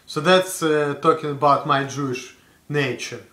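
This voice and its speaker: A young man from Russia talks straight to the camera in a Russian accent, blunt and rambling, full of fillers. His voice sits a bit high and sounds bright and forward. The room around him is echoey. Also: steady tone, a little slow. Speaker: vlogger. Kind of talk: casual talk to camera.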